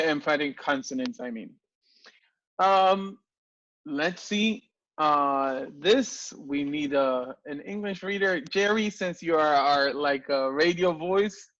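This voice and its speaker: A man teaching an online class, explaining slowly and checking in with the students often. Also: fairly high pitch, fairly bright tone. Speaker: language teacher. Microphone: video call. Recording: dull lo-fi video call audio.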